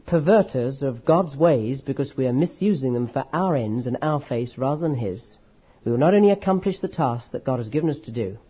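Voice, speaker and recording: Husky male preacher, emphatic sermon. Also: mid-range voice. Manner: emphatic, dramatic delivery, slows down to stress key words. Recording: dull lo-fi recording.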